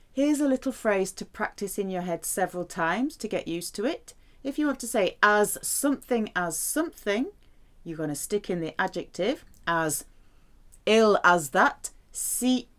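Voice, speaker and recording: Lady teaching a lesson, bouncy pitch, slow and careful, hums through drills. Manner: slow, drills phrases with humming placeholders. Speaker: French teacher. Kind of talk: language lesson.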